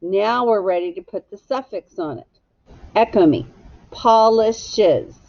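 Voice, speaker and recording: A woman's voice: medium pitch, animated, moderate pace, creaky, no room sound, dull audio. A woman teacher giving a phonics lesson to young children, patiently sounding out and spelling each word.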